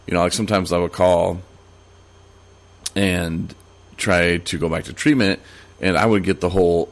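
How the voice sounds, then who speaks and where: A man's voice: low voice, fairly even intonation, normal speed, pauses often. A man hosting a podcast, talking casually and rambling, with many fillers and restarts. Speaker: podcast host. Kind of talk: casual solo podcast monologue.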